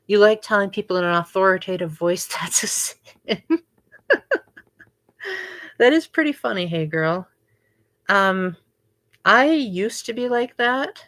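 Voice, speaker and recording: A young woman hosting a casual livestream, chatting with viewers and filling her talk with "like" and "um". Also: mid-range voice. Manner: chatty, frequent "like" and "um" fillers. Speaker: livestream host.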